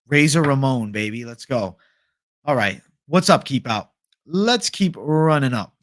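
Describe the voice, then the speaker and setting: A man's voice: medium pitch, expressive, a little slow, dry recording, studio quality. A young man hosting a livestream, chatting casually about fight picks, swearing and reading out viewer comments. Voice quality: casual, profane, reads chat aloud. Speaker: MMA livestream host.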